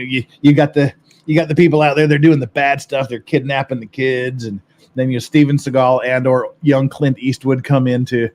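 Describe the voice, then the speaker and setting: Guy hosting a podcast, mid pitch, rambly and blunt, swears a lot. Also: a little mellow. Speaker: podcast host. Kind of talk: casual commentary, reading viewer comments.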